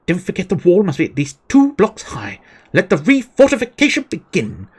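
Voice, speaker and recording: A stern male commander from a video game, who speaks in a raised, grand, declamatory voice with a clearly lifted pitch, as a streamer puts him on. Every line comes out as a firm order to his troops. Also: wildly swooping pitch, normal speed, heavily acted. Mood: commanding.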